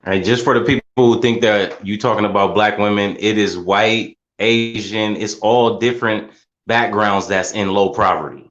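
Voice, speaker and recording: Low-voiced guy cohost, laid back but emphatic, kinda muffled audio. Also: steady tone, moderate pace, a bit bright. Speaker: talk show co-host. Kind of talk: casual commentary.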